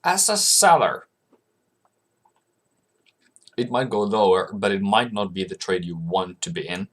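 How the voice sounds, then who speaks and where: A man talks viewers through trading charts in a loose, casual commentary. His pitch swings widely as he poses questions and answers them himself, and he chats with viewers, calling them "mate". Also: lively intonation, normal speed, fairly bright tone. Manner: chatty, coaxes viewers as "mate". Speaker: forex trading channel host.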